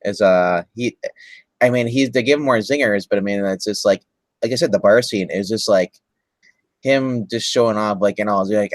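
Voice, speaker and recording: A man as guest on a casual movie podcast, talking in halting bursts with many restarts. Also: lowish voice, no room sound. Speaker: co-host guest. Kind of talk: casual movie review chat.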